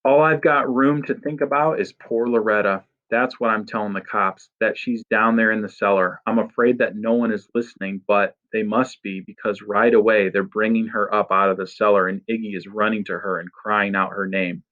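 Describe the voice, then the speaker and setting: A man reading a first-person story aloud in a steady, expressive narration. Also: lowish voice, moderate pace, few pauses, narrow, tinny audio. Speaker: audiobook narrator.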